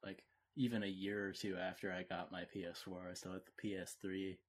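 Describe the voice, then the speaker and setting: A man's voice: low voice, level tone, fairly quick. A man co-hosting a casual gaming podcast, making wry, joking asides. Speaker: podcast co-host. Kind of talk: casual chat.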